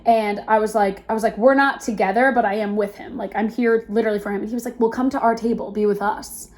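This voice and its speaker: A young adult woman hosting a podcast, telling a personal story in a casual, animated way, with lots of fillers and laughter. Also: mid-range voice. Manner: animated, chatty, quick to laugh, many fillers. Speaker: podcast host.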